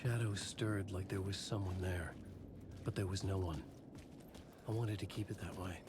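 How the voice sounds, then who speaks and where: A man's voice: steady tone, normal speed, noisy background, lightly acted. A man voicing a weary brooding writer. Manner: low-key, brooding inner monologue. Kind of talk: game character voice-over.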